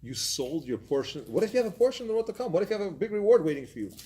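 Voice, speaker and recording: A man voicing a shocked, angry wife in a story he tells, protesting in rising, rapid bursts. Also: mid-range voice, animated, a little mellow, close to an everyday voice. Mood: indignant. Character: shocked angry wife, middle-aged woman.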